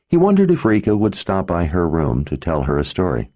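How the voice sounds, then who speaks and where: A man narrating a fantasy audiobook in an expressive storytelling manner. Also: sits low, a little fast, no room sound, studio quality. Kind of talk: scripted narration.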